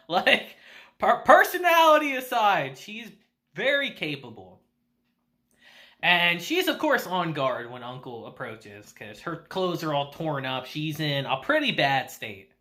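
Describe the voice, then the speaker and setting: Lively, laughing anime reviewer man. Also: on the high side. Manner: animated, laughing often, slangy. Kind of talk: casual video review.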